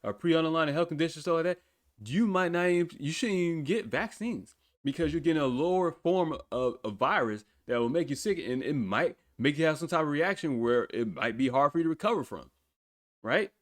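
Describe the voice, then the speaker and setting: A man's voice: on the high side, animated, fairly quick, no room sound, clean studio sound. A man hosting a podcast in a casual, blunt way, swearing freely and laughing often as he talks. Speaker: podcast host. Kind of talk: casual talk.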